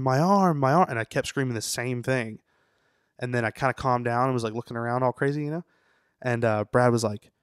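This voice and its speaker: A man's voice: mid-range voice, no echo, studio quality. A young man, a tattooer, telling a story in a rambling, profane way full of "you know" on a podcast. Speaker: tattooer guest. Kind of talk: casual storytelling interview.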